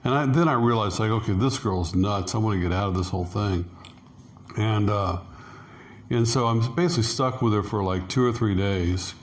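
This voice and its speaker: A man's voice: on the low side, normal speed. A middle-aged man casually telling a rambling personal story, full of fillers and acted-out quotes. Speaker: interview guest, expat.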